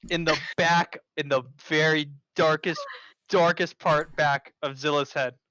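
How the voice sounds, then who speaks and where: Guy playing d&d, easygoing, bright dry voice. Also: a little high, steady tone, measured pace, clear, resonant tone, no room sound, lo-fi sound. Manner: easygoing, describes his character's actions. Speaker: player. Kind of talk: casual game chat.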